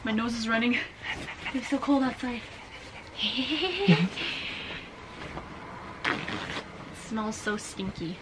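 A woman's voice: on the high side, expressive, takes it slowly, pauses often, very noisy. A young woman co-hosting a vlog, chatting in an easygoing, giggly way outdoors at a cold campsite. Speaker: vlog co-host. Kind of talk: casual chat.

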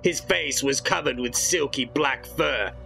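A man's voice: medium pitch, measured pace, creaky, pushed and bright, soft background music, rough recording. A man reading a horror storybook aloud in dramatic first-person narration.

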